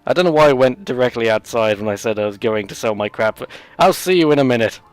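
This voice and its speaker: A man at a mid pitch talks over his gameplay with a rambling, sarcastic humor and keeps tossing in jokey asides. His voice sits close and dry on the mic, with no room sound at all. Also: expressive, fast, clean tone, dry recording, soft background music. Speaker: let's play host. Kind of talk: gameplay commentary.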